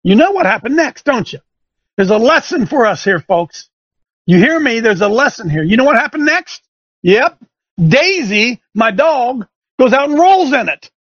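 A man's voice: extremely high pitch, sing-song, normal speed, a bit bright, no echo, lo-fi sound. A middle-aged man hosting a show, telling a folksy story and turning it into an emphatic sermon-like lesson for listeners. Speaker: show host. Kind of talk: preaching radio monologue. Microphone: studio microphone.

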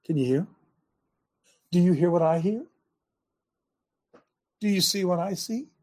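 A man preaching to a men's gathering, reading scripture and swinging from loud urging calls to hushed near-whispers in a husky voice. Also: sits high, expressive, unhurried.

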